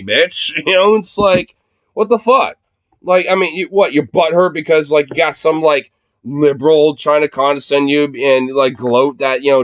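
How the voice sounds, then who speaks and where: A man's voice: fairly high pitch, fairly bright tone, dry recording. A man hosting a livestream, reacting to videos in casual, profane commentary, laughing often and mocking.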